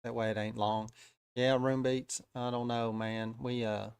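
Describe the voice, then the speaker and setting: Easygoing Southern-accented male stream host, mid-pitched, smooth and dry, casual market chatter. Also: level tone, measured pace, no echo. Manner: easygoing, chatty, frequent "uh" fillers. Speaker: day-trading live-stream host.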